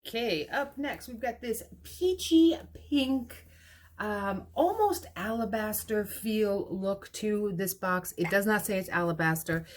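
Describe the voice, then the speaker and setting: Taking it slowly and sounding expressive, a vintage shop owner shows off items in a relaxed live clearance sale. She affectionately refers to pieces as cute little babies, wrapping up each one with its price and lot number.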